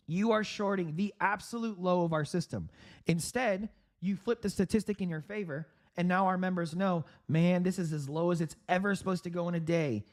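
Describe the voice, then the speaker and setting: A man with a high voice hosts a live trading stream, offering upbeat market commentary with frequent laughter. He has a sore throat, so he keeps clearing his throat and coughing.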